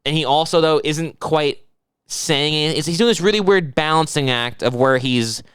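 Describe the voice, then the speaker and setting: A man's voice: fairly high pitch, normal speed, fairly bright tone, clear, resonant tone, no room sound, clean studio sound. A man co-hosting a comedy podcast, riffing and mocking with lots of swearing. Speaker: podcast co-host. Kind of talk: casual comedic chat.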